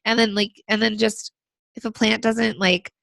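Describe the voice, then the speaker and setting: A woman co-hosting a business podcast, giving casual advice with lots of fillers, her voice still rough from being sick. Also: a little high, little pitch movement, moderate pace, fairly bright tone, no room sound. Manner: conversational, frequent fillers. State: recovering from illness. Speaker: podcast co-host.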